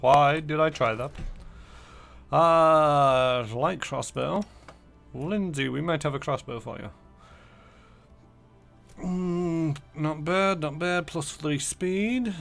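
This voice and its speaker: A man's voice: fairly high pitch, slow, creaky, pauses often, fairly bright tone, soft background music. A man streaming a game, muttering casually through menus and numbers. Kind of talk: casual gameplay commentary.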